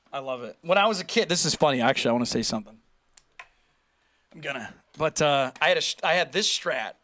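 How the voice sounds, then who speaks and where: A man hosting a casual livestream, chatting in an animated way, joking and reading viewer comments aloud. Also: on the high side, no room sound. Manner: chatty, animated, reads chat aloud and jokes. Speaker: livestream host reacting to viewer posts.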